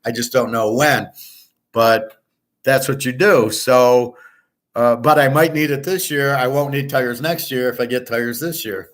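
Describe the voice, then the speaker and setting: A man from Michigan riffs on his own in a casual monologue. His voice sits at an ordinary middle pitch. He rambles bluntly and swears freely. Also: measured pace. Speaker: host.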